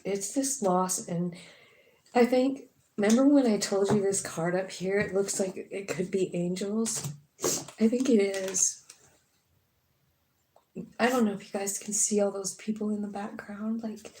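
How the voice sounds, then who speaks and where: A woman's voice: mid-range voice, mellow, a little hiss or hum. A woman giving a casual tarot reading, talking frankly with swearing and lots of filler words. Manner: frank and profane, many fillers. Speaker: tarot reader. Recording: roomy echo.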